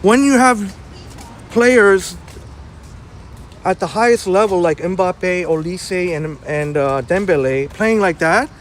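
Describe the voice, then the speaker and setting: A man's voice: sits high, takes it slowly, slight background noise. A man hosting a casual live walking stream outdoors on a city street, chatting and greeting viewers by name. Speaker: livestream host reading viewer chat.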